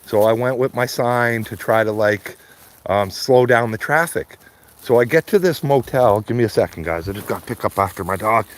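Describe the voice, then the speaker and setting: Walking the neighborhood with his dog, a street auditor chats on his livestream in a medium-pitched voice at a moderate pace. His talk wanders, greetings get repeated, and "man" comes up constantly.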